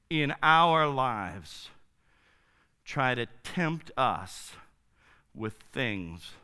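A man preaching a sermon in a casual, enthusiastic, slangy way, swinging from loud to soft. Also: medium pitch, clear, resonant tone. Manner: enthusiastic, informal, slangy, dramatic swings in loudness. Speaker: pastor.

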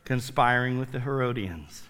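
A man preaching a sermon to his church, swinging from loud to hushed and turning playful in asides to the congregation. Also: medium pitch, normal speed, in a large hall. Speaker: pastor. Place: church sanctuary.

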